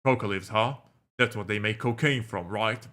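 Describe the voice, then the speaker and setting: A man's voice: on the low side, normal speed, bright, forceful tone. A man streaming a visual novel, reading its lines aloud and adding playful, crude asides. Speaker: gameplay streamer.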